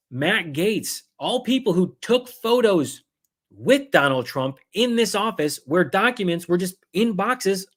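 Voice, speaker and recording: His voice sits high as he runs a fast-paced political commentary stream. He sounds heated and sarcastic, and he acts out others in derisive voices.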